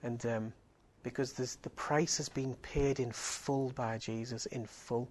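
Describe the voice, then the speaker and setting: A man's voice: medium pitch, steady tone, unhurried, a little mellow. A man giving a sermon, earnest and emphatic, driving points home with repeated phrases. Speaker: preacher.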